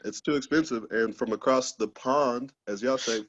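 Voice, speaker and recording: A man's voice: medium pitch, moderate pace, fairly bright tone, no room sound, muffled recording. A man doing a loose, profane stand-up set over a video call, laughing at his own jokes. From Texas, USA. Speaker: stand-up comedian.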